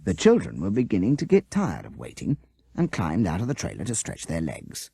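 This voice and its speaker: Guy narrating a kids audiobook, breathy voice, dry close sound. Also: rumbling low, brisk, dry recording. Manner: expressive, animated storytelling. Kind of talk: storybook reading.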